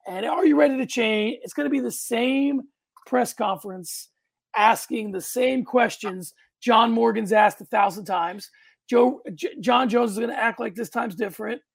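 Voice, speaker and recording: A man's voice: very high voice, measured pace, vocal fry, no room sound. A man hosting a casual podcast chat, talking in a dry, matter-of-fact way. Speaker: podcast host.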